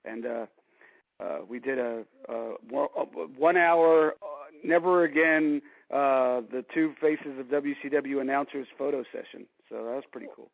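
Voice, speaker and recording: A man who works as a wrestling ring announcer, telling stories in a rambling, animated way full of fillers, as a guest in an interview. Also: medium pitch, normal speed. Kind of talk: casual phone interview storytelling. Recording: dull, dry phone-quality audio.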